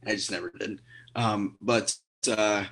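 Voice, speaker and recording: A man hosting a podcast interview, speaking in a conversational, halting way with many fillers. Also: fairly low pitch, steady tone, a bit bright. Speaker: podcast host.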